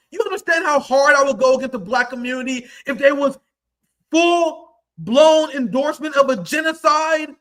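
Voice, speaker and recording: A male livestream host delivering an angry, profane rant, often breaking into shouts. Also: very high voice.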